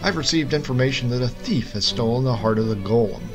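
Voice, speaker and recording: A man playing a booming, scolding king. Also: animated, fast, close to an everyday voice, poor audio. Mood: stern. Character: angry, exasperated male king. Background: music.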